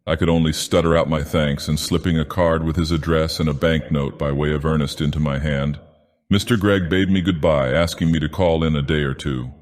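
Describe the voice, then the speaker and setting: A man reading a storybook tale in the voice of an ancient, brooding male god-villain, with slow, grave, dramatic delivery. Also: very deep voice, steady tone. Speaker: narrator. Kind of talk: scripted storybook narration. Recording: long reverb.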